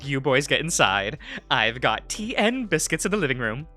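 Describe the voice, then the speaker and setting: A man voicing a warm, doting middle-aged mother who fusses over her guests. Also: medium pitch, very animated, moderate pace, soft background music. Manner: fussing and motherly.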